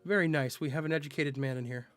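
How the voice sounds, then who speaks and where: A man's voice: on the high side, fairly even intonation, fast, dry recording, faint music behind. A male streamer in casual live-stream chat, joking with his viewers and tripping over tricky words.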